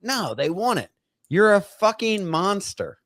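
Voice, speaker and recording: A man's voice: high voice, very animated, takes it slowly, fairly bright tone, dry recording, clean studio sound. A man as a podcast guest, ranting angrily and profanely, stumbling over words with many fillers. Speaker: guest bartender. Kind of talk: angry podcast rant.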